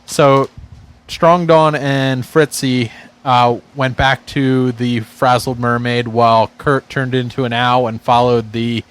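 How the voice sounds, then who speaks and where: Male player, slow halting recap delivery, smooth resonant tone. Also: medium pitch, level tone. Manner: halting, lots of fillers. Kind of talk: recapping a game session.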